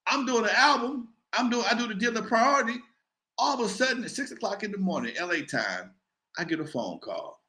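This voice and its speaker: Man, live-show host, storytelling, profane, animated, sharp forceful voice, fairly high. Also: brisk.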